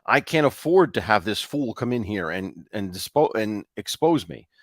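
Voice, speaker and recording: A man voicing a cold, emotionless wife who speaks in a flat, matter-of-fact way. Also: on the low side, moderate pace, dry recording, studio quality. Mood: alarmed.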